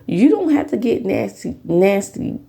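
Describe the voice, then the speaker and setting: Woman, YouTube commentator, blunt profane rant, gravelly voice, lively swinging pitch. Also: unhurried. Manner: blunt, profane, swings between low mutters and sharp high bursts. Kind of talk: ranting commentary. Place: at home.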